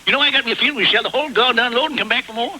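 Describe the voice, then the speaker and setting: An actor playing a scheming, boastful old grandpa farmer who talks in folksy rustic grammar and cackles. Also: male voice, very high voice, very fast, pushed and bright, slight background noise, full character voice, low-quality recording. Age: older. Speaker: grandfather farmer selling produce. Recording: old TV soundtrack with music.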